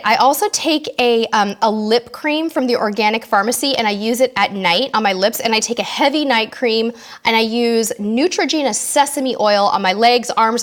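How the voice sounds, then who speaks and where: Chatty woman hosting a live Q&A. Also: a little high. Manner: chatty, reads viewer questions aloud and answers them directly. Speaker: host of a live cruise Q&A. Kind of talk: casual live-stream chat.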